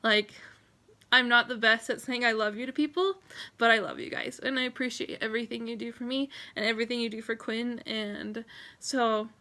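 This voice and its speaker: A young woman talks straight to her viewers in a personal vlog, rambling and close to tears as she thanks them. Her voice sits a little high and sounds bright and tense, and she stays open and heartfelt throughout. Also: fairly even intonation, normal speed. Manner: emotional, rambling, grateful, tearful at times. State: teary. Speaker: vlogger.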